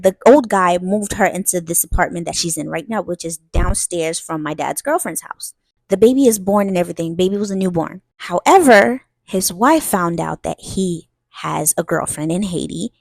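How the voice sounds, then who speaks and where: A woman telling a scary story in a casual, chatty way, speaking straight to her viewers and acting out the quoted lines. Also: dry recording. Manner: chatty, addresses viewers directly; acts out quoted lines with pitch jumps.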